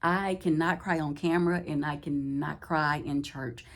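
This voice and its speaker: A woman chats to the camera, and her slightly low voice leaps up high whenever she acts out someone else's words. She laughs often and keeps the story moving in lively, casual bursts. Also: moderate pace. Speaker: vlogger. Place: Houston, Texas.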